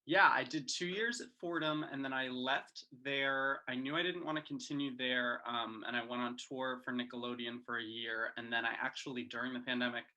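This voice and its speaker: A man in his twenties from Massachusetts, chatting casually as a guest on a video-call interview, quick with jokes. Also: mid-range voice, fairly even intonation, sharp tone, highs cut off. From Massachusetts, USA. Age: 20s. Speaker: singer and guest.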